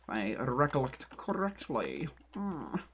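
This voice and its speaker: A man's voice: on the low side, lively intonation, normal speed, a bit bright, slight background noise. A man streaming a building game, talking casually to his viewers in a rambling, self-deprecating way. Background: keyboard typing and clicks.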